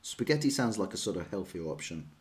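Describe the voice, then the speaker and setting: A man's voice: low voice, very animated, brisk. An English man streaming chess, chatting casually and rambling as he answers viewers' questions. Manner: chatty, rambling, self-deprecating.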